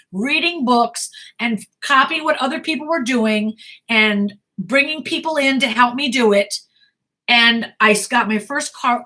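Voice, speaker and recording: A woman's voice: on the high side, sharp tone. A middle-aged woman acting coach answering viewer questions in a blunt, emphatic way, often repeating herself.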